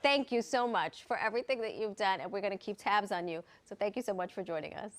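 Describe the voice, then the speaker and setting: A woman's voice: medium pitch, fast talker. A woman hosting a TV news interview, chatty and enthusiastic, often affirming her guest. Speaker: news show host.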